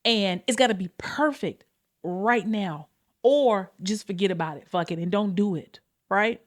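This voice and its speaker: A woman hosts her own podcast in a loose, confessional way. She talks straight to her listeners, swears without a second thought, and calls them y'all. Her pitch and pace swing around a lot as she goes. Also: unhurried. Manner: candid, swears freely, addresses listeners as y'all. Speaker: podcast host. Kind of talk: casual confessional talk.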